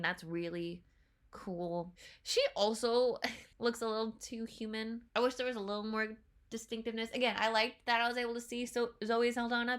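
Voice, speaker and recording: A woman chats through a trailer reaction in a bright, forward voice, excitable and rambling. She swears freely and leans on filler words as she thinks out loud. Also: medium pitch. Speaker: reaction video host. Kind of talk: casual chat reacting to a trailer.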